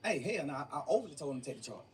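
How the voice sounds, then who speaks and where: A man's voice: a little high, big pitch swings, racing. A young man being interviewed, telling his story emphatically and profanely, often repeating phrases. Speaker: interview guest. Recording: distant mic with faint room noise.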